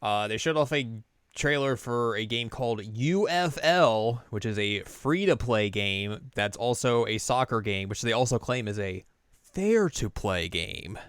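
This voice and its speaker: A man's voice: medium pitch, expressive, unhurried, fairly bright tone, clear, resonant tone, dry recording. A man co-hosting a podcast in casual chat, laid-back and chatty, with dry asides and chuckles. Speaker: podcast co-host.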